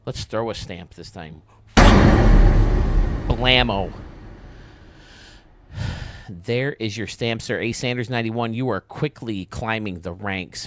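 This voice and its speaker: A young man hosting video game commentary, enthusiastic and casual, heaping quick praise on what he shows. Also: deep voice, no room sound. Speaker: host.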